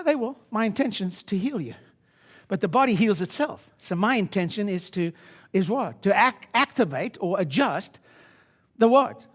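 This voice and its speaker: A brash older man in his sixties works a seminar room, his voice sitting high for a man. He swings between muttered low asides and loud, pitched-up rallying. A speaker in a conference room before an audience. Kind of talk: motivational seminar talk.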